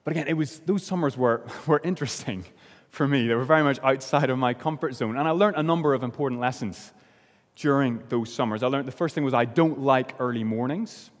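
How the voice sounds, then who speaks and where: A man from Northern Ireland preaching a sermon, earnest, slowing and dropping low on key phrases. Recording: long hall reverb.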